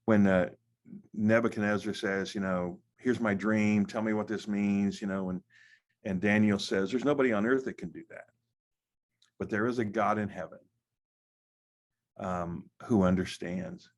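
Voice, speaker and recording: A middle-aged American pastor, his voice sitting a little low. He talks in a conversational way, full of fillers and restarts. He tells his story haltingly as an interview guest. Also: steady tone. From United States. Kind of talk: conversational testimony.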